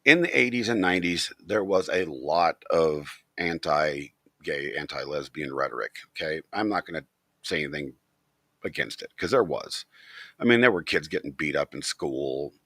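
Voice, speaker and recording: A deep-voiced man rants to the camera with blunt, profane conviction. His voice is rough and husky, yet sharp and forceful, and it leaps up and down a wide range. The sound is dry and close, with no room around it. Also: lively intonation, moderate pace, dry recording. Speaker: channel host. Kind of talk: casual opinion rant to camera.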